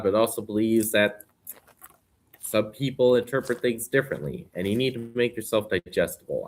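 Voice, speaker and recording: A young man talking casually as a podcast guest, earnest and rambling with plenty of fillers. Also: on the low side. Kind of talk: casual conversation.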